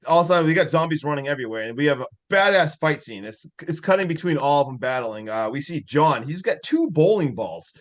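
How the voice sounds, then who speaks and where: Chatty man with a higher voice. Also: lively intonation, quick pace, hardly any pauses. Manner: rambling, laughs often, frequent fillers. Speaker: podcast co-host. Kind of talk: casual movie recap.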